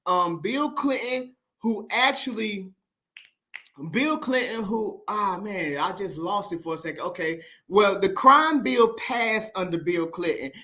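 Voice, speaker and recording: A man with a high, sharply bright voice delivers unscripted political commentary on a stream. He talks emphatically, circling back to repeat his points and often restarting mid-sentence. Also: lively intonation, measured pace. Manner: emphatic and repetitive, restarts a lot.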